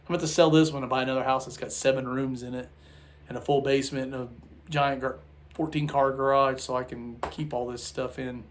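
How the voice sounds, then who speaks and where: A man at a middle pitch talks through his toy collection in a loose, casual vlog. He is tired from the late hour and rambles, stumbling and restarting his sentences as he goes. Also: steady tone, brisk, a little hiss or hum.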